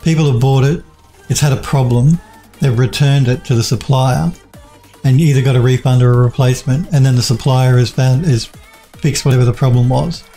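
A man talking casually on a live stream, reading out chat messages and answering them between pauses. His voice is dark and gravelly and sounds a little worn, as he is losing it. Faint music plays behind him. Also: medium pitch. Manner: reads out chat messages and answers them, with many fillers and restarts. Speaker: game developer streaming live.

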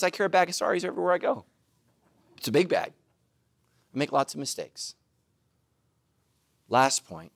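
A middle-aged man preaching a sermon, self-mocking and animated, now and then bursting into shouts. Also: mid-range voice, dry recording, clean studio sound. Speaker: pastor.

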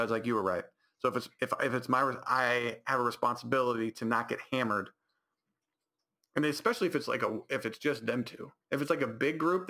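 Gravelly, bright-voiced male podcast host. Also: mid-range voice. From California high desert. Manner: rambling storytelling with many restarts. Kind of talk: casual solo podcast talk.

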